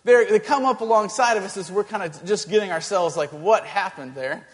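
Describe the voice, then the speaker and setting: A male pastor telling a story in a sermon, animated and halting, with many restarts. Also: high voice, big-room sound.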